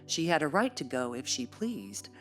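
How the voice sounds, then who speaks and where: A woman voicing a proud gentleman master of the house, speaking in a clipped, formal way. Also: deep voice, sing-song, normal speed, soft background music. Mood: cold. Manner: clipped, formal, agitated to cold.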